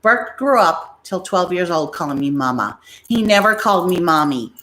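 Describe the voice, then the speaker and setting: A middle-aged American woman hosts a livestream selling bags, her voice on the low side and fairly bright, with lively intonation at a normal speed. She chats casually through rambling family stories, slipping into the voices of her relatives.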